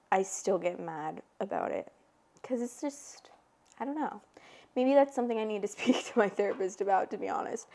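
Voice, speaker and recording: A woman in her twenties, hosting a podcast, telling a personal story in casual chat, full of "like" and lively retold dialogue. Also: medium pitch. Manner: chatty, frequent "like", animated retellings. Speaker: podcast host.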